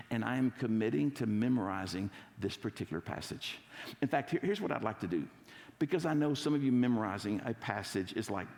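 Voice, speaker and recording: Gravelly pastor in a reverberant church. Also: male voice, lowish voice. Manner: playful, coaxing congregation to recite. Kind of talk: sermon. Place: church sanctuary.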